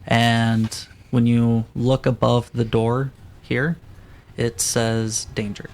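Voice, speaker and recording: A man's voice: medium pitch, flat delivery, takes it slowly, a little hiss or hum. Man running a tabletop game. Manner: casual, with many fillers. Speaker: game master.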